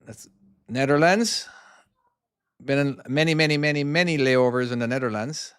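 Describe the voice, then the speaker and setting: A man's voice: mid-range voice, normal speed, clear, resonant tone, dry recording. A man, casually chatting on a live stream while playing his own trucking game and reading out viewer comments. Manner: chatty, easily distracted, reads comments aloud.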